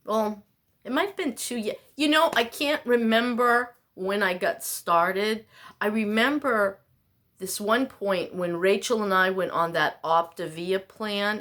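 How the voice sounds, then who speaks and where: A woman's voice: mid-range voice, fairly bright tone. A woman vlogger delivering a rambling, exasperated, self-mocking monologue.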